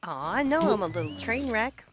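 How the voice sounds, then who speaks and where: A woman's voice: mid-range voice, brisk, slight background noise. Chatty woman in her forties telling stories. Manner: chatty, animated storyteller, self-deprecating. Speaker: player in group chat. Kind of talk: casual gaming chat, storytelling. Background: game music.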